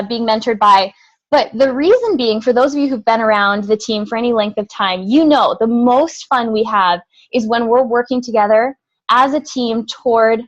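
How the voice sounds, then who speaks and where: Upbeat woman team leader, slightly high voice, rallies the group on a call with rhetorical questions. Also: muffled recording.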